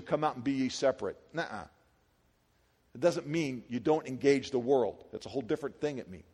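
In a big hall with long reverb, a male pastor delivers an energetic sermon in a high voice that swings between loud peaks and quiet asides. He keeps firing casual, conversational rhetorical questions at the congregation.

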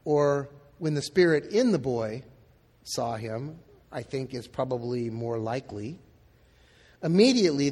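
A man's voice: fairly high pitch, darkish tone, husky, big-room sound. A male pastor preaching a sermon in a casual, conversational way, acting out the quoted lines. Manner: conversational, acts out quotes in dialogue.

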